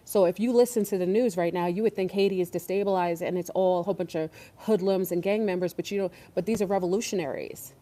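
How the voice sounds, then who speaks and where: Dark-voiced woman hosting a rambling livestream. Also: on the low side, fast talker, hardly any pauses. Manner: rambling, emphatic, many fillers. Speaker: online show host. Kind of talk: casual livestream talk.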